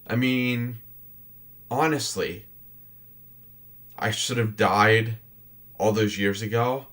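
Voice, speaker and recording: A man voices his hero in a tabletop role-play session. He speaks slowly and haltingly, often stopping to restart a thought. His voice sits fairly low. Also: a bit bright. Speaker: player.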